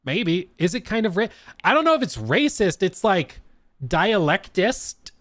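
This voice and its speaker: Guy on a stream, lively up and down voice, rambly, keeps correcting himself, dry close sound. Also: high-pitched, measured pace, no room sound. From United States. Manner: chatty, rambling, frequent laughs and self-corrections. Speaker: streamer reacting to a video. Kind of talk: casual live-stream commentary.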